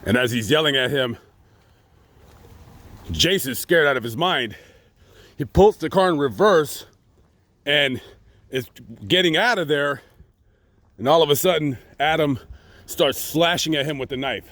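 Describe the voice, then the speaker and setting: A man narrating a true crime story in a casual, dramatic vlog style, building excitement and acting out quotes. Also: on the high side, measured pace, long pauses, no echo. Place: outdoors on location.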